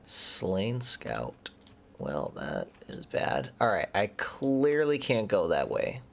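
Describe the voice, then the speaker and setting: Lively gravelly-voiced man gaming. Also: lowish voice, takes it slowly. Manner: chatty, thinks aloud, mutters nervously under his breath. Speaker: gaming streamer. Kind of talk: casual commentary while playing a game.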